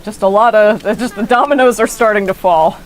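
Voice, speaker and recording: A woman's voice: mid-range voice, brisk, a little hiss or hum, poor audio. A woman streaming a game, giving rambling, self-correcting casual commentary.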